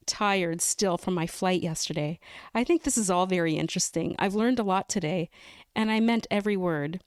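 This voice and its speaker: A woman guest on a podcast, reading chapters of a novel aloud in a careful, measured way. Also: lowish voice, clean tone, dry recording, studio quality.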